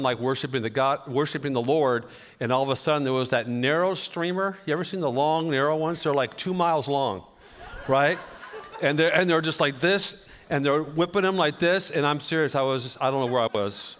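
A man's voice: mid-range voice, fairly bright tone. Man preaching in a reverberant church. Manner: conversational, self-deprecating storytelling with gestures. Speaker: pastor. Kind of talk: sermon. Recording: long reverb of a church hall.

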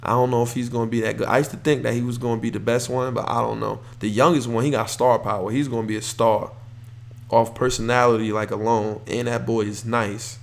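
A young man hosts a solo sports podcast in a loose, rambling way, full of fillers and restarts. His voice is gravelly, and his pitch sits in the middle for a man. He keeps getting worked up and firing questions at the listener. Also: flat delivery, fairly quick. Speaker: podcast host. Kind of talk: casual solo sports talk.

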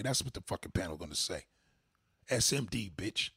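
A man hosting a livestream, delivering a profane, heated rant at his chat and swinging from low mutters to high outbursts. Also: lively intonation, fast, breathy edge, dry recording, studio quality. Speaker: livestream host. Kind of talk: ranting monologue to a live chat.

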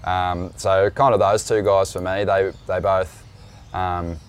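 A man's voice: deep voice, takes it slowly, smooth. A middle-aged Australian man, a surf commentator, telling stories in a laid-back way on a casual podcast. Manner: laid-back, relaxed storytelling.

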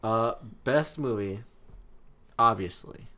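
A man's voice: lowish voice, slow pace, bright, forceful tone. A man in a casual podcast chat, easygoing and upbeat about the films he likes.

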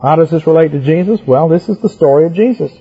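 A man preaches, teaching through the scriptures in an emphatic, rhythmic way and repeating words to drive his points home. His voice sits a little high and sounds husky. The recording is muffled and lo-fi. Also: fast talker, mellow.

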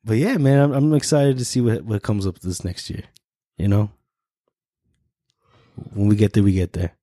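A young man chatting casually as podcast co-host, laid-back and low-key. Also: fairly even intonation, moderate pace, warm tone, no room sound, clean studio sound. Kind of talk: casual chat.

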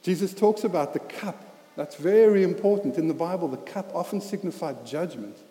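A man's voice: sits high, moderate pace, warm tone. A man preaching a sermon in an earnest, plain-spoken, conversational way, often saying "you know" and repeating words. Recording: reverberant church hall.

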